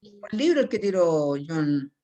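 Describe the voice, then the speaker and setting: Lively-voiced woman teaching English grammar. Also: low voice, a little slow. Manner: reads example sentences aloud and calls on students by name. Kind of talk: online English grammar class.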